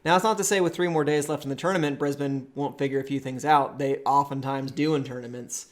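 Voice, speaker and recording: A man co-hosting a podcast from a rental house, calmly running through tournament standings with dry jokes. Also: medium pitch. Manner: measured, analytical, with dry jokes. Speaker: podcast co-host. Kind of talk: casual tournament recap chat. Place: shared rental house, indoors.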